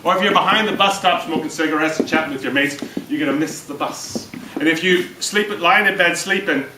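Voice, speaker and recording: Man, motivational speaker, lively and jokey, fairly high voice, echoey room recorded from afar, background noise. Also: fairly quick, far from the mic. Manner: energetic, jokey, addresses the crowd with questions. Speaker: speaker at a business event. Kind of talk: motivational talk to a live audience. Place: event room before an audience.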